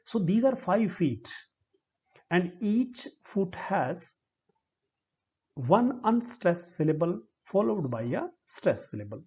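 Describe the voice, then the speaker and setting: A man with an Indian English accent giving a slow, deliberate lecture, spelling out syllables one by one. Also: high-pitched, very animated, dark tone, breathy edge. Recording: dull lo-fi recording.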